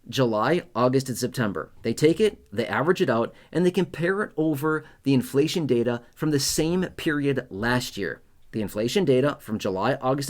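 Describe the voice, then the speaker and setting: Emphatic man, repeats points and says "okay?". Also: medium pitch. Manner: emphatic and repetitive, often checks in with "okay?"; speaks straight to viewers, addressing their comments. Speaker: YouTube host on retirement benefits. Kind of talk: direct-to-camera explainer talk.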